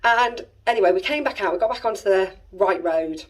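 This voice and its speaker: A family vlogger, a woman in her thirties with an English accent, talks fairly quickly in a medium-pitched voice. She rambles casually through a family story with exasperated asides, and her voice sounds a little distant from the mic.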